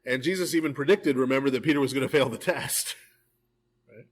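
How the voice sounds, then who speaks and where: A man, a priest, leading a live verse-by-verse Bible study in a church, reading scripture and retelling it in a casual, lively way with frequent "right?" asides. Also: mid-range voice, fairly quick, poor audio. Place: church hall, recorded live.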